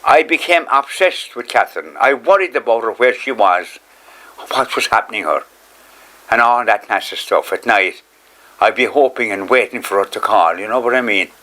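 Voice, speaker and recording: A man's voice: moderate pace, bright, forceful tone. An older Irish man reminiscing in a documentary interview, rambling and repeating himself as he recalls the past. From Ireland. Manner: rambling, repeats words, acts out quotes in higher voice. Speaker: interviewee telling his life story.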